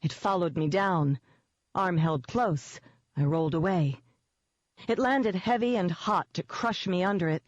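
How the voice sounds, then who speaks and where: A woman's voice: on the low side, measured pace, dry recording, muffled recording. A woman giving first-person scripted narration of an audiobook in a tense, vivid storytelling manner.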